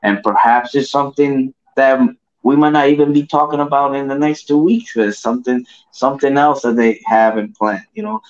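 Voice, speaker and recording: A man co-hosting a casual wrestling chat, rambling and slangy, filling every pause with "you know what I mean.". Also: medium pitch, lively intonation. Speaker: podcast co-host. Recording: dull lo-fi audio.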